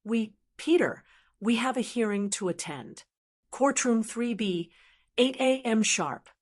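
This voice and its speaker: A woman's voice: on the high side, expressive, measured pace. A woman voicing a cold calculating lawyer. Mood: confident.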